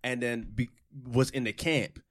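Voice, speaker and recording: A man hosting a relaxed group conversation, asking questions and telling stories haltingly, with many ums and uhs. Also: mid-range voice. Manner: laid-back, halting, with frequent um and uh. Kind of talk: casual group chat.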